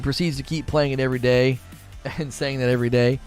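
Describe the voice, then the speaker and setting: Over soft background music, a young game streamer chats casually, reads out chat and cracks mocking jokes he often laughs at himself. He speaks quickly in a medium-pitched voice with little pitch movement.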